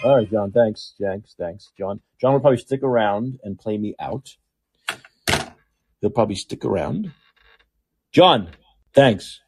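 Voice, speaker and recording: A man hosting his own podcast, talking alone in a sarcastic, animated monologue that swings from loud outbursts to muttered asides. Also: on the low side, measured pace, pauses often, music in the background. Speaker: podcast host. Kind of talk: opinionated monologue.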